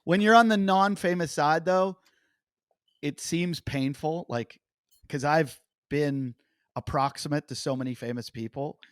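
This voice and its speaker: A man's voice: fairly high pitch, unhurried, no echo, clean studio sound. A man hosting a podcast, telling a story in casual chat and acting out what each person said. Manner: animated storyteller, acting out quotes. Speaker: comedian and podcast host.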